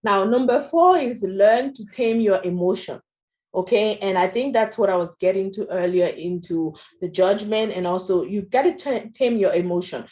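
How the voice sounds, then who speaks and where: Presenting a workshop training session, a French-accented woman talks in a chatty style, frequently adding "right?" and "you know." Her voice is medium in pitch with a dark tone.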